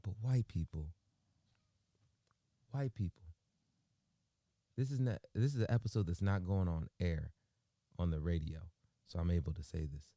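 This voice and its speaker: A man co-hosting a morning radio show, bantering and joking with an animated, emphatic delivery in a studio. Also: low voice, moderate pace, long pauses, no echo.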